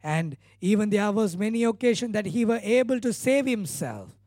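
A man's voice: high-pitched, lively intonation, moderate pace, a little mellow, no echo, clean studio sound. A male pastor preaching a sermon, retelling scripture earnestly with emphatic repeated phrases.

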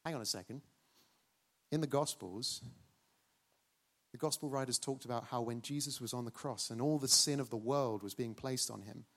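A man preaching a sermon, dramatic, slowing for emphasis and returning to a rhetorical refrain. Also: medium pitch.

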